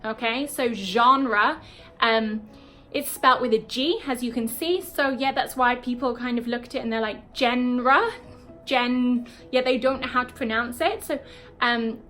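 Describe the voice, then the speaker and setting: British woman teaching English words slowly. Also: fairly high pitch, fairly bright tone, soft background music. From Britain. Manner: explains slowly, repeats words, frequent "okay?". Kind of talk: casual video lesson.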